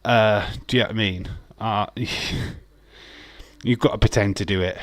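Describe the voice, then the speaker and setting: A man's voice: on the low side, fairly even intonation, measured pace, no room sound. A man chatting casually on a live watch-along stream, rambling and joking as he reads out chat messages.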